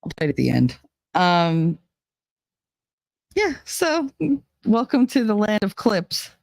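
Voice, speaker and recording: A woman's voice: medium pitch, wildly swooping pitch, slow pace, gravelly, a little mellow, dry recording. A woman hosting a casual chat show, talking bluntly with frequent swearing and laughter. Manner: blunt and profane, laughs often. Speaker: host.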